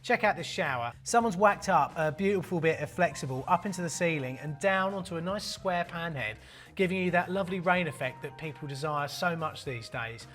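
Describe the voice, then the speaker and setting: A man hosting a plumbing channel talks through photos with cheeky, joking, crude banter in casual commentary. His voice is on the high side, fairly quick and fairly bright, with faint music in the background.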